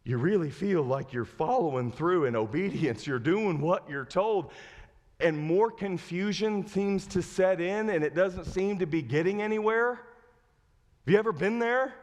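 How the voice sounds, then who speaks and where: A male pastor preaches, retelling a story with lively acted-out lines and asking his listeners direct questions. His voice sits a little higher than most men's. A long reverb hangs on his words, as in a church hall. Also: unhurried. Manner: animated storytelling, acting out quoted lines; asks the congregation direct questions. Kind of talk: sermon. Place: church sanctuary.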